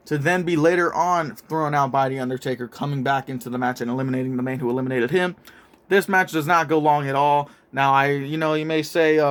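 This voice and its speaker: Young guy, kinda high voice, swearing a lot while he hypes up a wrestling story. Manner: profane, excitable play-by-play narration. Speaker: show host narrating a toy wrestling storyline. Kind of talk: casual spoken storytelling.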